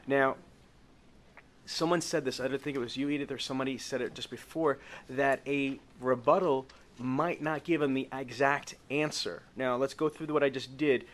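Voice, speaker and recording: Speaking at normal speed in a medium-pitched, fairly bright voice with fairly even intonation, a man runs a live sales training using role-play. His coaching is emphatic, drawing out key words and regularly confirming the group is on board.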